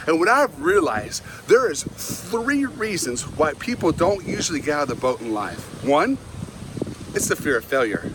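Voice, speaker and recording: A middle-aged man with a slightly higher voice tells funny stories from his own life as a Christian motivational speaker. He is animated and self-mocking and often laughs at himself. A faint noise sits under his voice. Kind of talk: humorous storytelling talk.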